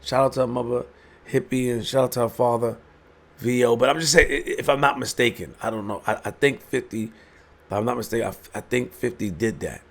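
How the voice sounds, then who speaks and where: A man's voice: mid-range voice, a little fast, gravelly. A man delivering an emphatic opinion monologue, preaching and firing rhetorical questions. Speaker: commentary host.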